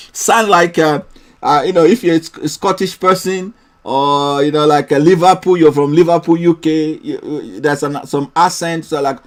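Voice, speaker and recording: Host: high-voiced man, unhurried, chatty and playful live teacher who laughs a lot. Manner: chatty and playful, laughs often, reads out viewer comments. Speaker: trading mentor hosting a live session. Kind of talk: casual live-stream teaching.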